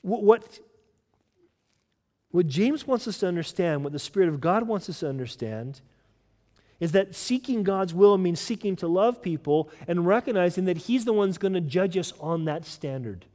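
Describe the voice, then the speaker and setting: A man's voice: high voice, animated, normal speed, dark tone, long reverb tail. A man preaching a sermon as pastor, emphatic and earnest, often restarting and repeating words as he builds a point.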